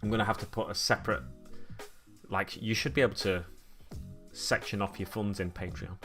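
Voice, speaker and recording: A man's voice: on the low side, steady tone, moderate pace, a bit bright, faint music behind. A man with a Manchester-area Stockport accent chatting casually on a live stream while he paints, reading chat messages aloud and answering them. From Manchester area, England. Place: home painting setup.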